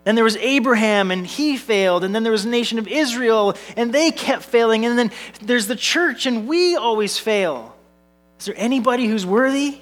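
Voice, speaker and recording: Pastor guy, 30s, pretty high voice, earnest sermon w lots of repeating lines and family stories. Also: expressive, normal speed, a bit bright. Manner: earnest, builds with repeated phrases, tells family anecdotes.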